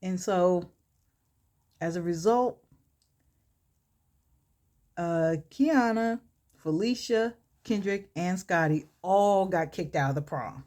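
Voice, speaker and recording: Chatty woman vlogger, lower voice. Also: slow, long pauses, a little mellow. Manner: chatty, laughs often, gushing exclamations. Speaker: beauty vlogger and author. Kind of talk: storytelling during a makeup tutorial.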